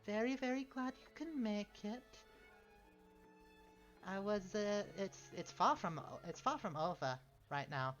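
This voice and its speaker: A man's voice: sits high, expressive, unhurried, a bit bright. A man chatting casually on a game stream, rambling and correcting himself with chuckling asides. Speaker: streamer playing a strategy game. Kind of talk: casual gaming stream chat. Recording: slightly dull stream audio, faint game music.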